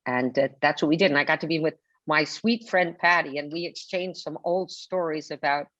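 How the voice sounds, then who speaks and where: Older woman, deep voice, dramatic anecdotes, muffled video call. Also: normal speed, a bit bright, no room sound. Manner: theatrical storyteller who acts out quotes. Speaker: guest author. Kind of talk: webinar conversation. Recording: dull lo-fi video call audio.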